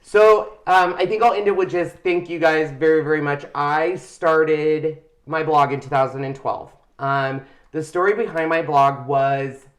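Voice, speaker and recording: A middle-aged man hosting a craft channel, telling his story in a casual, heartfelt and emotional way. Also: on the high side. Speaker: channel host. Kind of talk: casual chat.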